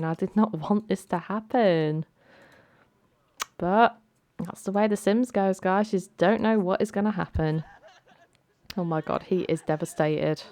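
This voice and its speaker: A woman with a low, smooth, clear voice hosts a let's play from home. She tells the game's story in a chatty, dramatic way, recorded close and dry with no room echo. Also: darkish tone. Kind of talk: casual gameplay commentary.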